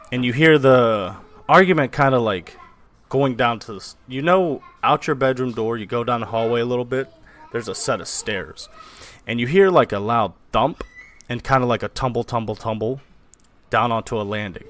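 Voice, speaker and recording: Guy running a tabletop game, very animated voice, lots of "like" and "kinda". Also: mid-range voice, normal speed. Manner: loose, with many fillers like "kinda" and "like". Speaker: game master.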